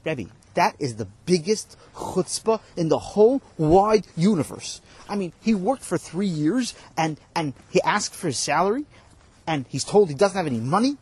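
A man's voice: high voice, sing-song, moderate pace, breathy edge, pitched above the performer's own voice, heavily acted. A man voicing an outraged young boy. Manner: indignant, loud, rising. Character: outraged boy student, loud and indignant.

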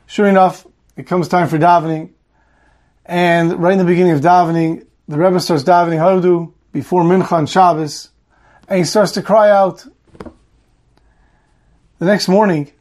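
A man's voice: on the high side, darkish tone. A man giving a weekly Torah class as a rabbi, telling a story earnestly and pleading with his listeners.

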